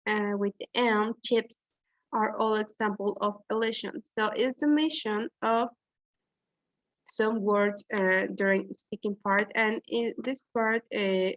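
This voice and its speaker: Slow, hesitant woman presenting a lesson. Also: mid-range voice, steady tone, dry recording. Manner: hesitant, many "uh" fillers and restarts. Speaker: student presenter. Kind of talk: class presentation on pronunciation. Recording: dull, dry lo-fi recording.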